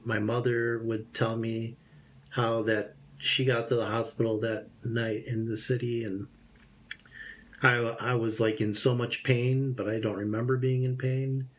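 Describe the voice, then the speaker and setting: This is a man in his fifties speaking unhurriedly in a mid-range voice as an interview guest. He relates a personal story with spirit, acting out the voices from his memory.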